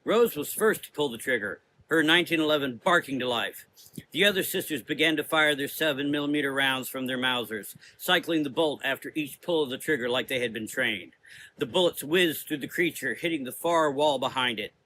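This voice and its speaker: A man narrating a gothic horror audio drama in a steady, vivid storytelling manner. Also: mid-range voice, fairly quick, slight background noise, poor audio.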